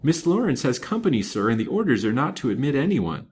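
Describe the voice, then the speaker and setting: A man's voice: medium pitch, big pitch swings, quick pace, a little mellow, breathy edge, voice pushed up. A man voicing a young maidservant woman who whimpers and pants in fear. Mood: sullen. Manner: whimpering, panting.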